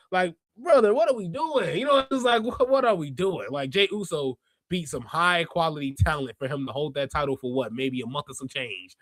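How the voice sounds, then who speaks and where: A man's voice: high-pitched, a bit bright, no echo, studio quality. A man hosting a podcast in casual, rambling chat, laughing often as he talks. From Chicago area. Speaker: podcast host. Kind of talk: casual wrestling review chat.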